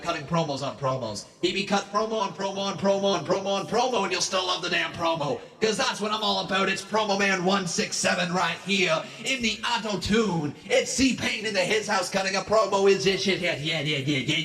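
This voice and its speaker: A man's voice: sits high, moderate pace, hardly any pauses, pushed and bright, echoey room, far from the mic, soft background music. A man putting on a swaggering male rapper persona, bragging in repetitive hype. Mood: boastful.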